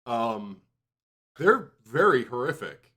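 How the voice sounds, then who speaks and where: A man's voice: mid-range voice, big pitch swings, takes it slowly, bright, forceful tone. A man chatting casually on a podcast, rambling, laughing and swearing freely.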